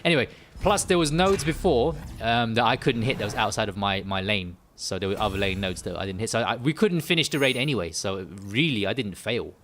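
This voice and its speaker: A man's voice: lowish voice, a little fast, few pauses, a bit bright, a little hiss or hum. A man from the UK hosting a live game stream, rambling and joking with many restarts and fillers. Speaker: gaming livestream host. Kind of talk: casual live stream chat.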